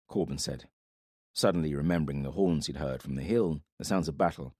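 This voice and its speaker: Deep-voiced male fantasy narrator. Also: brisk, slightly rough, dry recording, clean studio sound. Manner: dramatic, steady. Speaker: audiobook narrator. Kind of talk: scripted fantasy audiobook narration.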